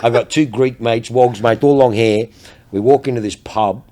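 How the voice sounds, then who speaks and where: At a medium pitch and ordinary speed, an Australian guy who sells high-end cars shares stories on an easygoing podcast. He's full of energy, swears all the time, and tells his tales with profane animation.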